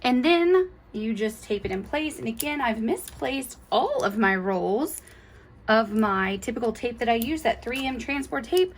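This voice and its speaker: A woman's voice: fairly high pitch, lively intonation, a little slow. A woman giving a chatty, enthusiastic step-by-step embroidery tutorial, gushing over cute details. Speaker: embroidery instructor.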